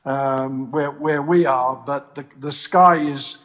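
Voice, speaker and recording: A man's voice: medium pitch, fairly even intonation, slow pace, fairly bright tone. A man as an interview guest speaking over a video call, chatting in a self-deprecating, joking way that turns earnest. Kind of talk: casual conversation. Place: home in the US, remote link.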